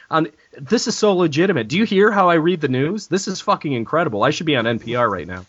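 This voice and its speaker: A man's voice: on the high side, very animated, fast talker, fairly bright tone, slightly rough, highs cut off. A man hosting a podcast, chatting casually and sarcastically with lots of profanity and joking asides. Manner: sarcastic, profane, reads quotes in mock-preacher voice. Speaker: podcast host. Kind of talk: casual comedic podcast chat.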